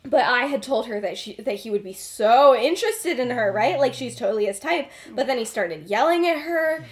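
A woman's voice: fairly high pitch, expressive, normal speed, natural voice. A woman voicing James, a meddling teenage schoolboy who rambles on, while she retells a story. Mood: ranting. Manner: rambling, chatty.

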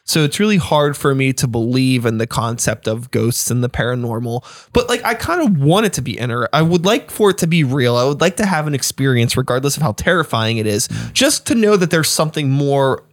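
A man's voice: mid-range voice, expressive, fairly quick, few pauses. A man thinking aloud in casual chat, rambling and hesitant as he works toward his point.

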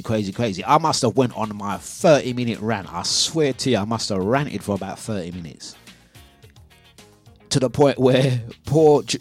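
A man, hosting a breakfast radio show and telling a story in a lively, casual way, acting out his own quotes. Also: medium pitch, husky. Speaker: radio host. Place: radio studio.

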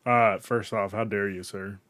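A man with a slightly low voice, chatting casually on a podcast with sardonic, teasing jokes. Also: fairly even intonation, unhurried, a bit bright, no room sound. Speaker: podcast co-host. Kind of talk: casual film chat.

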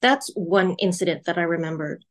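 A woman's voice: on the low side, moderate pace. A woman guest candidly recounting her personal story in an interview. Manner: candid, earnest, recounting vividly.

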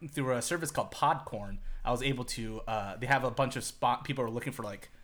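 A man's voice: mid-range voice, fast, fairly bright tone. A man co-hosting a podcast in casual chat, rambling and swearing freely as he acts out other people's reactions. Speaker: podcast co-host.

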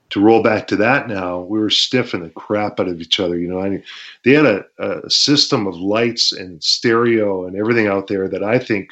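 Brief: Canadian ex-wrestler, guest storyteller, low voice, dull lo-fi audio, acts out the action. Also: male voice. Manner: animated, acts out shouts and sound effects, laughs often. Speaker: interview guest, former pro wrestler. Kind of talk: casual storytelling interview.

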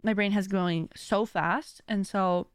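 A woman hosting a podcast, talking in a casual, animated and slangy way and laughing often. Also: medium pitch, slow, smooth, dry recording, clean studio sound. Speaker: podcast host. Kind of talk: casual chat.

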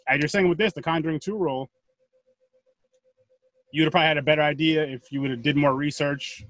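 A man's voice: fairly high pitch, fairly even intonation, brisk, a bit bright, dry recording. A man hosting a casual interview, encouraging his guest in long run-on thoughts. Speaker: interview host.

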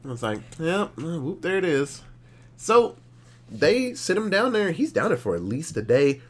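A man co-hosting a podcast, recapping a horror movie in animated, profane, casual storytelling. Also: fairly high pitch, moderate pace. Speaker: podcast co-host. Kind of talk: casual movie review chat.

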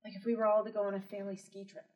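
A woman's voice: medium pitch, level tone, very fast, lo-fi sound. Candid mother heard from a distance. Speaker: guest, mother of a son with disabilities. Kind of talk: casual podcast conversation.

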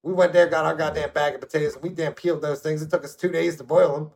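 A man's voice: fairly high pitch, fairly even intonation, fast, creaky, a little mellow. A middle-aged man co-hosting a podcast, telling stories in a casual, profane, rambling way and often asking "you know what I mean". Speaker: podcast co-host. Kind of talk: casual opinionated chat and storytelling.

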